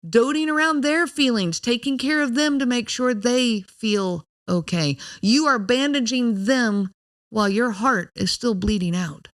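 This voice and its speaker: A woman's voice: a little high, fairly bright tone. A woman hosting a podcast, explaining in an earnest, direct way and speaking straight to the listener. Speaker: podcast host.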